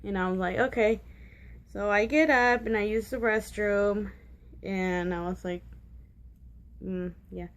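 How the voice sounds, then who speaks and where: Talking directly to her camera in a loose, chatty storytelling vlog, a woman in her twenties speaks at a middling pitch with fairly even intonation, a little slowly. She rambles with plenty of "like" and "um," restarts often, and is candid and a bit giggly about awkward details.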